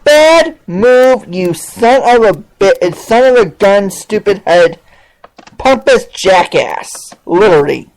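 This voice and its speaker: A man's voice: sits high, animated, slow pace, rough recording. A male podcast host ranting in a mocking, sarcastic way, over and over asking "seriously". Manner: sarcastic, keeps saying "seriously".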